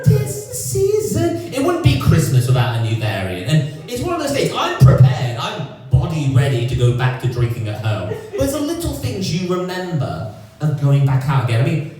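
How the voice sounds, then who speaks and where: A man from England doing a stand-up comedy set, sardonic and lively, putting on voices for the people he quotes. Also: mid-range voice, normal speed, faint music behind. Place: comedy club stage. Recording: roomy echoing club sound from a distance.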